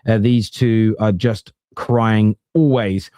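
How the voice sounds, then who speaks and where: A man's voice: fairly low pitch, fairly even intonation, slow, mellow, dry recording, clean studio sound. Bantering forty-year-old man. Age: 40s. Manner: laid-back, bantering, laughs easily. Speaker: podcast host. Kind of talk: casual football chat.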